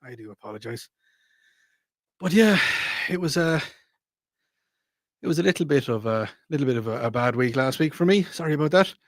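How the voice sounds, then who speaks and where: A man's voice: mid-range voice, expressive, normal speed, pauses often, dry recording. A man hosting a radio talk show in a casual, rambling way, repeating himself and apologizing as he chats into a studio mic.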